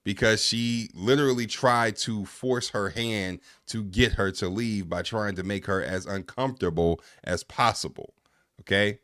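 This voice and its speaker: A man hosting a reaction video, throwing in short asides and quick comments on a clip. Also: on the low side, a bit bright, no echo, studio quality.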